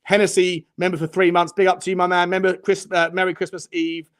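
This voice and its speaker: Male host, rapid-fire delivery, effusive thanks, slightly high voice. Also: level tone. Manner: rapid, effusive shout-outs to supporters. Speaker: channel host. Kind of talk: casual fan podcast chat.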